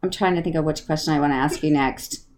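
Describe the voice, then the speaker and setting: A woman's voice: low voice, fast, crowd noise, rough recording. A woman hosting an interview, speaking in a supportive, reflective way. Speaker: host. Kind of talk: interview talk.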